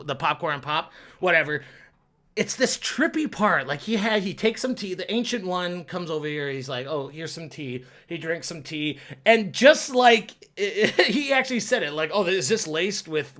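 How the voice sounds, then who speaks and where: A young man giving a casual, rambling movie review, excitable and quick to swear. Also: sits high.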